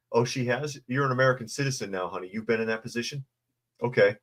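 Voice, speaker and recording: A man's voice: medium pitch, very fast, a bit bright. A man hosting a casual news commentary show, reading articles and viewer chat with sarcastic, mocking asides. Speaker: host.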